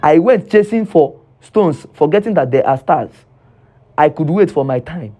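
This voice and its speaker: A man's voice: fairly high pitch, lively intonation, normal speed, dark tone. A man telling a troubled first-person confession, repeating himself and pleading. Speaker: storyteller.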